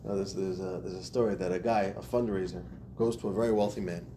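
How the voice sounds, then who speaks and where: A man's voice: low voice, steady tone, fast talker, mellow, slight background noise. A man teaching a class as a rabbi, speaking expressively, acting out quotes and laughing often. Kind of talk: animated lecture.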